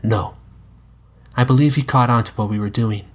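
A man voicing a calm, wise female spirit in a measured, matter-of-fact drawl in a spoken story. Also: medium pitch, lightly acted.

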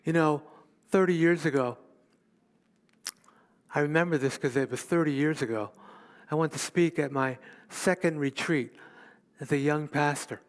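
Preaching a sermon at a moderate pace with long pauses, a fifties-aged pastor speaks in a rather high voice. He's animated, alternating emphatic, loud statements with quiet asides.

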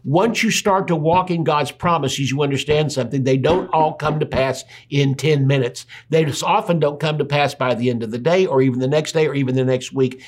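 A man's voice: a little high, brisk, hardly any pauses. A man preaching a sermon, making his points with rhetorical questions and repetition and reading scripture aloud in between.

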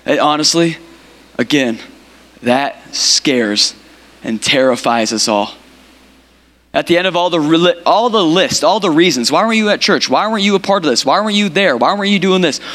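A male pastor preaches in a church, building intensity with emphatic repeated phrases and calling for the congregation to respond. His voice is fairly high and a bit bright, with hall reverb around it.

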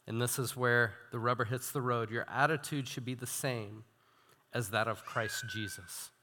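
Young male student minister preaching, bright forceful tone, ringing church hall. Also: medium pitch, moderate pace. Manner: animated, self-deprecating, reads quotes with emphasis. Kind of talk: sermon. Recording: long hall reverb.

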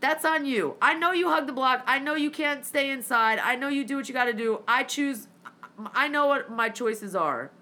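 Brash, bright-voiced woman telling stories. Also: high voice, normal speed. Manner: profane, animated, acts out dialogue. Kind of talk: casual storytelling chat.

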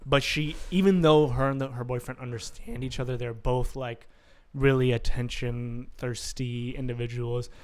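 A man's voice: medium pitch, normal speed, clean tone. Laid-back man chatting about a film. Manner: relaxed, agreeing interjections, swears casually. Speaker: podcast co-host. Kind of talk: casual film discussion.

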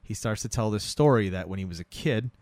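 A man's voice: lowish voice, animated, brisk, darkish tone, no echo. A man casually retelling a film scene in a chat, acting out the characters' lines as he goes. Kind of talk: casual movie recap chat.

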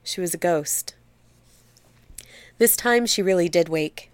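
A woman reads a dark literary story aloud, measured and steady. The recording is close and dry, with no room sound around her. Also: fairly low pitch, clear, resonant tone, no echo. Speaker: narrator. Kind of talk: literary audiobook narration.

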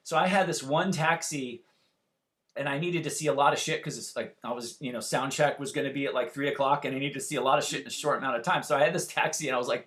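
A man in his forties telling a story in casual chat, animated and profane, acting out the quotes. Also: medium pitch, quick pace. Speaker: musician guest telling a story.

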